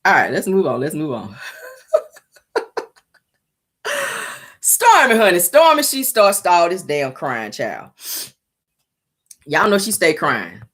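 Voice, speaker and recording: A woman hosts a casual celebrity gossip show, sassy and teasing, calling her audience "honey" and "child." Her lowish voice is sing-song and keeps a measured pace.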